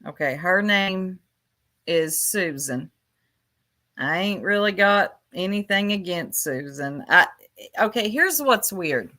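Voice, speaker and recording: A woman's voice: lowish voice, expressive, takes it slowly, pushed and bright. A woman hosting a casual livestream, rambling and chatty as she answers viewers in her chat by name, speaking into a desktop mic. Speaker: YouTube livestream host.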